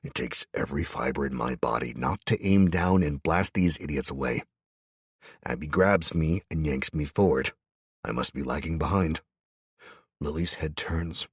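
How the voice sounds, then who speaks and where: Very low husky male audiobook narrator. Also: no echo, studio quality. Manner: tense, wry first-person telling. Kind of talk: first-person audiobook narration.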